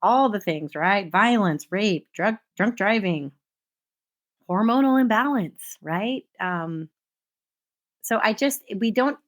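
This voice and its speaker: A woman's voice: medium pitch, expressive, takes it slowly. A woman hosting a solo podcast, talking in an earnest, impassioned, conversational way. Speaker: podcast host.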